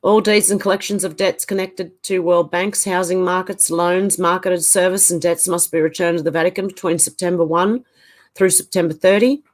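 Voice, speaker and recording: A woman chats casually on a livestream, reading out viewer comments. Her voice sits low, and she thinks aloud with hesitant asides and fillers. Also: fairly even intonation, normal speed. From Australia.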